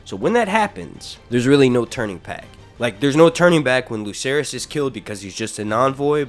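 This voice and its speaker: A man of middle pitch talks through rumors in a casual vlog, chatty and loose, often tagging his points with a quick question. Soft music plays faintly behind him. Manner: chatty, tags on "right?" often. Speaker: YouTube fan-theory host.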